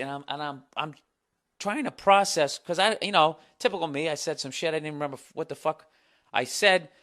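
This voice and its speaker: A man hosting a podcast, telling a story in a comedic monologue, profane and animated as he rants. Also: a little high. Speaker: podcast host.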